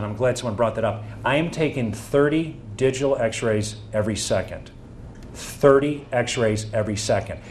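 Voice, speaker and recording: A man gives a talk to a room of listeners, his voice sitting at an ordinary middle pitch. He tells his cases as stories, acting out both sides of the dialogue with lively energy. A faint hiss of noise runs under the recording. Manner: animated storytelling, acting out quoted dialogue. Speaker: presenter. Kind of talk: presentation talk to an audience.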